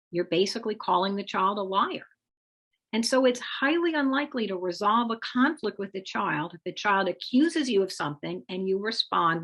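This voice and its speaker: A woman presenting an instructive webinar talk as a parenting expert, speaking in a measured, explanatory way. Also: medium pitch, a bit bright. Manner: measured, explanatory, acts out example phrases for parents.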